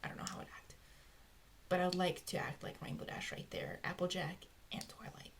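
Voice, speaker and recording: A woman's voice: lowish voice, little pitch movement, moderate pace, vocal fry, slight background noise. A woman talking to herself as she works through a fan theory, rambling and often dropping into a whisper. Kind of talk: thinking aloud to herself. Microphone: close mic, recorded alone.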